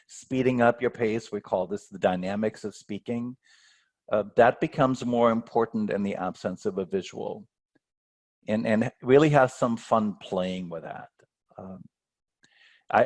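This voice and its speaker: A man coaching on a video call, giving earnest advice and often restarting his sentences. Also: on the low side. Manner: earnest, stumbling restarts, leaning on key words. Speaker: speaking coach, workshop guest.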